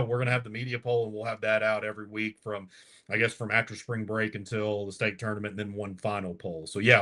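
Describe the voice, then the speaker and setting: A man in his thirties talks at a quick clip, chatting about sports as a guest reporter. He rambles eagerly and keeps restarting his sentences. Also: lowish voice, fairly bright tone. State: has the hiccups. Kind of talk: casual interview chat.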